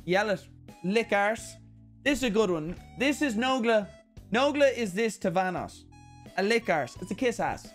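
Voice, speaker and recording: A man's voice: high-pitched, lively intonation, unhurried, faint music behind. Irish man joking and swearing. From Ireland. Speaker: YouTube host. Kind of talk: casual mail-opening vlog.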